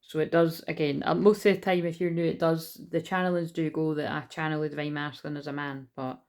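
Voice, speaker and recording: A woman giving a casual spiritual card reading at home, chatty and rambling with excitable asides. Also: low-pitched, brisk. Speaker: tarot reader. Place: at home indoors.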